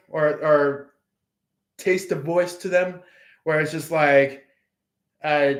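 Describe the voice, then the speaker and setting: Slow, rambling man reading tarot. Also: fairly high pitch. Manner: rambling, many fillers, acts out quotes. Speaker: tarot reader. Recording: echoey room.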